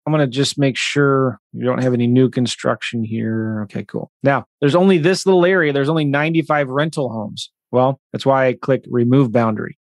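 A man coaching real estate investors on a live online webinar, talking in an energetic, conversational and emphatic way. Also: medium pitch, dry recording.

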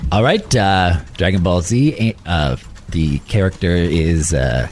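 A man's voice: deep voice, animated, slow, noisy background. A man hosting, playfully acting as a casting director, with exaggerated reactions. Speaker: show host playing a casting director.

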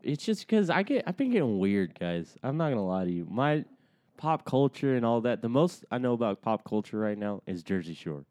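Joking male podcast co-host, very lively intonation, dry mic. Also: mid-range voice, fairly quick, dry recording. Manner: playful, joking. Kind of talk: casual comedy podcast banter.

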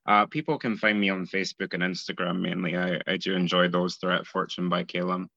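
A man's voice: low-pitched, steady tone, a little fast, vocal fry, pushed and bright, dry recording, muffled recording. A man with a Scottish accent, a guest fortune teller talking through things in a casual, easygoing interview. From Scotland. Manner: easygoing, explanatory, with light laughs.

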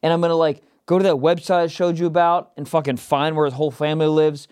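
A man co-hosting a podcast, telling stories in an animated, profane way and shouting out quoted lines. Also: on the high side, fast talker, clean tone, dry recording, clean studio sound. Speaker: podcast co-host. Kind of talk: casual comedic chat.

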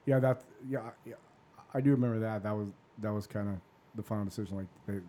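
A man's voice: on the low side, fast, mellow, a little hiss or hum. A man in his forties, a podcast host, telling a long personal story in a rambling, casual way and swearing freely.

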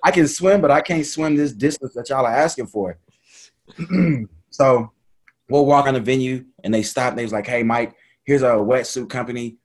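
A man casually telling a story about a race in an animated, laughing way, acting out what people said. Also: mid-range voice, moderate pace. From United States. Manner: animated, laughing retelling with quoted voices.

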